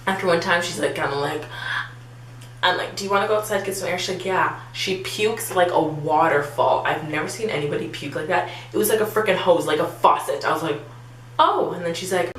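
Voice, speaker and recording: A young adult woman vlogger telling a story in a lively, chatty way, acting out what people said and leaning on lots of "like" fillers. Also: low voice, a little fast. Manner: animated, acts out quotes, many "like" fillers. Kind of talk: storytime vlog. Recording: echoey room with faint hum.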